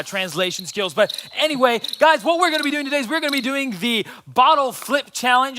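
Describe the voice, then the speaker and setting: Bright, high-voiced young male host. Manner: playful, teasing and excitable. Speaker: host of a youth web show. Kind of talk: upbeat live show hosting.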